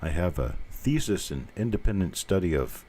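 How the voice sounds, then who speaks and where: With a deep, mellow voice and slight background noise, a Southern man in his fifties hosts a live coin stream in a faint Southern accent. He's animated and moderately paced. His casual chat is blunt and rambling, dotted with self-mocking remarks.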